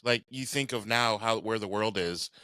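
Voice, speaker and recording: A man's voice: on the low side, normal speed, sharp tone, smooth, no room sound. A man co-hosting a sports podcast, chiming in with short wry remarks in casual chat. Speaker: podcast co-host.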